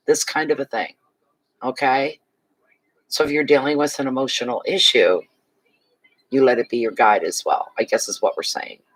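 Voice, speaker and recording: A man's voice: mid-range voice, a bit bright, no echo, low-quality recording. Chatty rambling man reading tarot. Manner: chatty and rambling, with restarts and asides. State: yawning, tired. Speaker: tarot reader. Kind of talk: casual monthly tarot reading to viewers.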